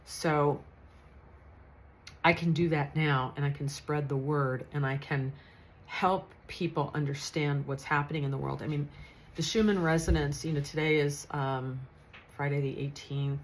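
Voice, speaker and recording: A woman's voice: low-pitched, fairly even intonation, unhurried, slight background noise, low-quality recording. A woman in her fifties, a psychic medium telling a story in a chatty, earnest way with frequent restarts. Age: 50s. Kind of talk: casual storytelling monologue.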